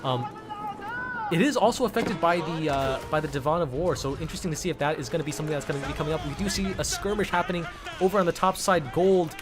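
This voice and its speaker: A man's voice: fairly high pitch, quick pace. A man giving casual live commentary on a strategy game tournament, rambling and restarting words as he goes. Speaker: caster. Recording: music playing behind.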